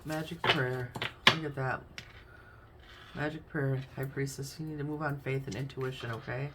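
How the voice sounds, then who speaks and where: A woman's voice: very deep voice, steady tone, moderate pace, heavy background noise. Chatty woman reading tarot cards. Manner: chatty, thinks aloud while naming cards. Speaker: tarot reader. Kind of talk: casual tarot card reading.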